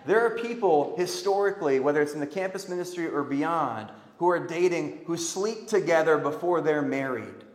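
A man preaching a sermon, swinging from loud emphatic calls to quiet earnest pleas. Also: fairly high pitch, expressive, moderate pace, few pauses. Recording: echoey hall.

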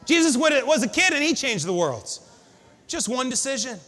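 High bright-voiced guy preaching hard, big church reverb, gets shouty. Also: big pitch swings, normal speed. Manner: impassioned, builds to shouted refrains. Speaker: pastor. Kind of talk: sermon. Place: church sanctuary. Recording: long hall reverb.

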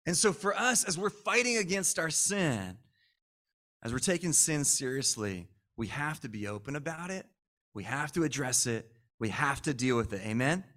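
A man preaching a sermon as pastor of his church, emphatic, sometimes shouting and calling on the congregation to repeat his words. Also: a little high, expressive, moderate pace. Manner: emphatic, rising to shouts at key lines; calls on the congregation to repeat after him.

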